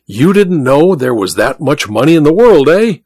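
A man's voice: on the high side, big pitch swings, moderate pace, darkish tone, breathy edge, no echo, studio quality, heavily acted. A man voicing a jovial, boastful wealthy mining magnate who talks in a hearty, bluff, joking way.

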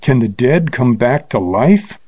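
A man's voice: mid-range voice, animated, unhurried, warm tone, breathy edge. A man voicing a boastful Wild West gunfighter who blurts out his lines in a raised voice. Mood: terrified. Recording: slightly dull lo-fi recording.

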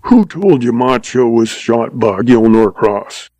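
A man's voice: mid-range voice, lively intonation, takes it slowly, a little mellow, dry recording, poor audio. A man doing a growling grumpy old rancher. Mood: snappish. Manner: growling, snapping western drawl. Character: grumpy, irritable old one-legged male rancher. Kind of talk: audiobook character voice.

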